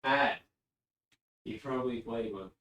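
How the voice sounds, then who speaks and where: A man's voice: medium pitch, a little slow, pushed and bright. A chatty man from England on a live stream, drifting between topics and wandering from his point. His voice sits back from the mic and rings around a bare, roomy space. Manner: rambling, easily distracted, chatty. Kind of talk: casual chat. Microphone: desk mic, often spoken from a distance. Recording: roomy echo, distant from mic.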